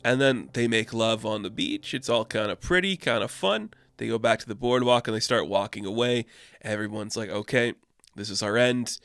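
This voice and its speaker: A man's voice: fairly low pitch, moderate pace, vocal fry, a bit bright, smooth, no echo. A man recapping and reviewing a comic issue in a chatty, opinionated way, full of "like". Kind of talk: casual recap and commentary.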